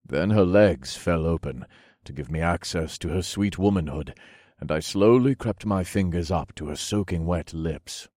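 A man reading a first-person fantasy romance story aloud, slow, low and intimate. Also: a little mellow, dry recording, clean studio sound. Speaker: narrator.

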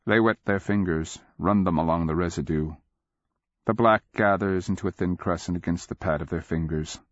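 A man narrating a dark fantasy audiobook in a measured, deliberate, dramatic way. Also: deep voice, dry recording. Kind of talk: scripted literary narration. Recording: slightly muffled dry recording.

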